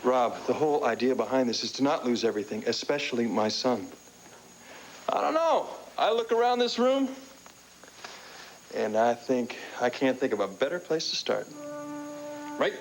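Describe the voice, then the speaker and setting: An enthusiastic young father on a 1980s TV soap, playful and full of plans. His pitch leaps about with excitement, over a light hiss. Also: normal speed, pauses often, low-quality recording. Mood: eager. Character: eager young father, hopeful dreamer.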